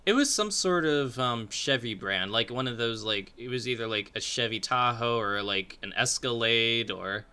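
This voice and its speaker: Podcast co-host, man, bright forceful tone, excitable and giggly, mid-pitch. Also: normal speed, few pauses. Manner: excitable, laughs often, lots of fillers. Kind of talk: casual recap chat.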